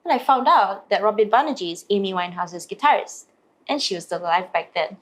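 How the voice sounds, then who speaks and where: A woman in her thirties tells stories from her singing career as an interview guest. She talks in a lively, animated way, slipping into put-on voices for the people she quotes. Her pitch sits in the middle range. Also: brisk. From Malaysia. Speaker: singer-songwriter guest. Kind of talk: storytelling in an interview.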